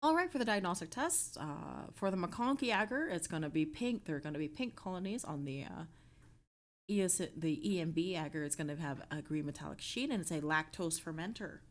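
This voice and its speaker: A woman's voice: fairly low pitch, expressive, brisk. A young woman streaming a study session, reading her notes aloud with many fillers and self-corrections, then breaking off to joke with her chat. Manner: breaks off to react playfully to chat.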